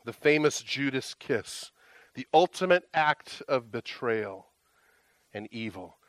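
A man preaching a conversational sermon, animated, firing off rhetorical questions. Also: medium pitch, slow pace, dry recording. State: tired, emotionally raw. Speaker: pastor.

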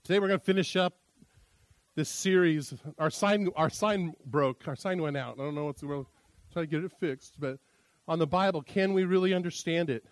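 A man's voice: fairly high pitch, normal speed, no echo. A man preaching as a pastor, talking in a loose, conversational, self-amused way and opening with a joke. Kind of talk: casual sermon with a joke.

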